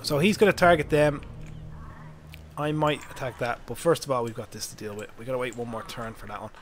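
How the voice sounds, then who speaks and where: Irish male streamer, casual and chatty, mid-pitched, noisy background. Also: fairly even intonation, brisk. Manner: chatty, laughs often, thinks aloud. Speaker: game streamer. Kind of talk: casual live-stream chat.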